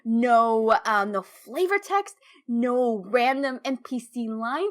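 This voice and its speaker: A woman co-hosting a podcast, chatting casually and emphatically about game lore, her voice rising when excited. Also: on the high side, takes it slowly. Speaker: podcast co-host. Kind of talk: casual fan lore discussion.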